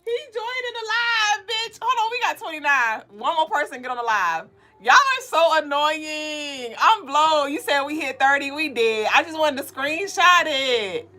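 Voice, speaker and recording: A woman's voice: sits high, unhurried. A woman hosting a casual live-stream tarot reading, chatty, slangy and cursing freely. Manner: loud, excitable and profane, bursting into laughing shouts; chatty and slangy, cursing freely while she reads cards.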